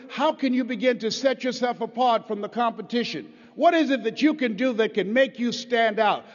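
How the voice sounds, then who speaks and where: Man pumping up a crowd, pretty high voice, long hall echo. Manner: rousing, leads call-and-response with the crowd. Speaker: motivational speaker. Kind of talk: motivational speech to a live audience. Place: large hall with a live audience. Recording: echoey hall, dull lo-fi sound.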